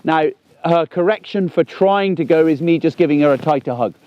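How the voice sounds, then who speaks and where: A man, talking through a gun dog training session outdoors on a lawn, chatty and animated. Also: a little high, normal speed, dry recording, dull audio. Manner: chatty and animated, bursts into excited exclamations.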